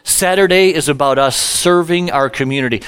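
A man's voice: a little high, moderate pace, fairly bright tone, smooth. A middle-aged male pastor telling a humorous personal story in a sermon, self-deprecating and conversational.

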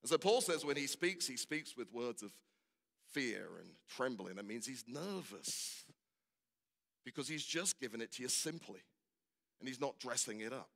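A man's voice: mid-range voice, lively intonation, moderate pace, vocal fry, a bit bright. A man preaches a sermon, building his point through rhetorical questions and repeated refrains that rise in intensity. His voice carries through a large space with a long, lingering reverb.

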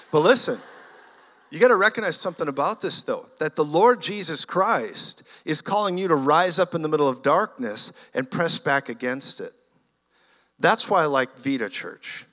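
A man preaching an energetic sermon as a guest preacher, moving between loud exclamations and hushed storytelling. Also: medium pitch. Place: church sanctuary. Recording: long church hall reverb.

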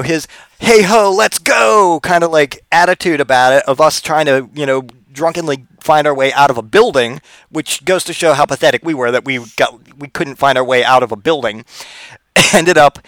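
A man with a slightly raised voice hosts his own show, rambling through profane anecdotes. He acts out the other people in his stories as he goes. The sound is close and dry, with no room echo. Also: on the high side. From Pennsylvania, US. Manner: rambling, crude, animated with voiced quotes. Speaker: podcast host. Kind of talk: profane comedic storytelling.

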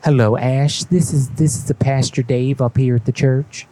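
A man's voice: mid-range voice, fairly even intonation, moderate pace, mellow, slight background noise, close to an everyday voice. A man putting on the voice of a pushy, overly friendly middle-aged pastor, rambling on a prank phone call. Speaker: prank caller.

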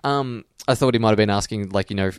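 An Australian man co-hosting a podcast in casual chat, jokey and quick to laugh. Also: lowish voice, smooth, no room sound, clean studio sound. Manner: animated, jokey, laughs a lot. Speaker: podcast co-host.

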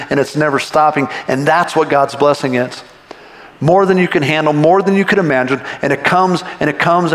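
A man preaching a sermon as pastor, talking conversationally and asking the congregation rhetorical questions. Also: a little high. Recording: echoey hall with long reverb.

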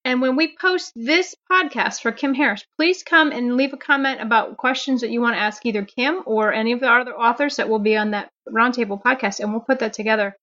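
A woman's voice: on the high side, fairly quick, few pauses, sharp tone. A woman co-hosting a podcast, chatting in an upbeat way and laughing easily. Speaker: podcast co-host. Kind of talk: casual podcast chat. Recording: dull lo-fi audio.

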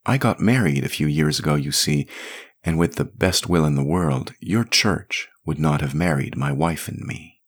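A man voicing a composed, dryly witty woman in his own low voice. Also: normal speed, breathy edge, full character voice. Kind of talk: audiobook character reading.

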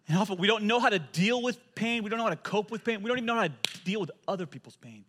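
A male pastor preaching a sermon, telling animated stories and often repeating words as he goes. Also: sits high, racing, hardly any pauses.

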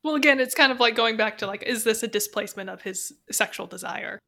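A woman's voice: on the high side, fast, gravelly, bright, forceful tone. A woman in a casual film discussion, thoughtfully posing questions to her co-hosts.

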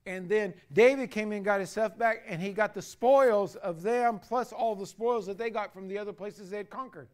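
A male pastor preaching a sermon, building to loud, drawn-out emphasis on key phrases and calling the congregation to repeat after him. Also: sits high.

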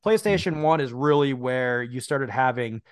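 A man's voice: medium pitch, lively intonation, normal speed, clean tone, no echo. A man co-hosting a podcast, talking in a loose, rambling way and often stumbling over the start of a thought. His voice sits in a middle range and sounds close and dry, with no room around it. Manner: rambling, repeats words when starting a thought. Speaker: podcast co-host. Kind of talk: casual chat.

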